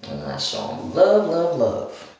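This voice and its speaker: Her deep, warm voice swings hugely in pitch while she talks slowly, a Southern US woman casually wandering through a hair-care vlog. She chats directly to her audience using "y'all" and "girl." The audio is dull, with soft background music and a very echoey room.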